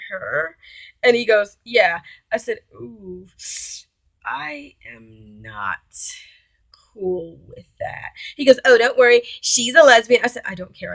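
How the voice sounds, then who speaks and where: A young woman recounts a personal story in a casual, blunt way, swearing freely and quoting both sides of the exchange. Her voice sits at a middle pitch for a woman. It is recorded close and dry, with no room sound behind her. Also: a bit bright, husky, no room sound. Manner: blunt, profane, indignant retelling with quoted dialogue.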